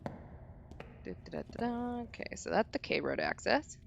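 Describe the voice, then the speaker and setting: A woman streamer reading a game's story aloud, lively and laughing often between lines. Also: a little high, normal speed, vocal fry, slight background noise. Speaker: game streamer.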